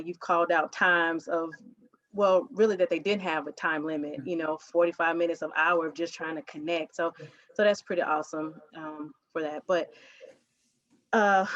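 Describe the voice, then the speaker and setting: A woman hosting an interview who responds thoughtfully, pausing on fillers before she asks her question. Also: on the low side. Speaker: interview host. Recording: dull lo-fi audio.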